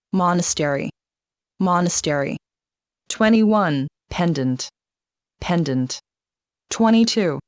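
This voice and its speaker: A woman reading a numbered vocabulary list, saying each word twice in a measured, even way. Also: fairly low pitch, no echo, dull audio.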